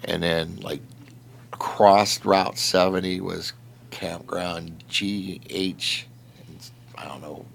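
A man's voice: low voice, slow, creaky, slight background noise. A man telling a story in casual chat, rambling with lots of filler words and laughing as he goes. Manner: animated, laughing while telling. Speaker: storyteller recounting patrol work.

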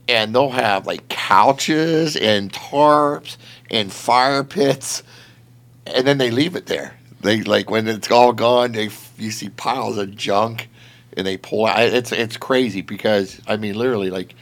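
Gravelly-voiced man rambling through a story. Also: lowish voice, measured pace. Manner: rambling, heavy use of filler words; animated, laughing while telling. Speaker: storyteller recounting patrol work. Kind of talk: casual storytelling chat.

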